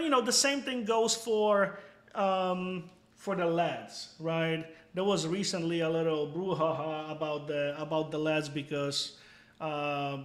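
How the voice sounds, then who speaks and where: A man's voice: a little high, echoey room. A man hosting a casual live stream, answering viewers bluntly and emphatically, dropping "okay?" after his points and swearing freely.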